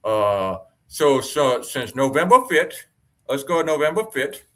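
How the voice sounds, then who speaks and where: A man's voice: mid-range voice, expressive, a little slow, pushed and bright. Playful, mock-brash male host. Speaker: co-host of an investing show. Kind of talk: joking stock chart chat.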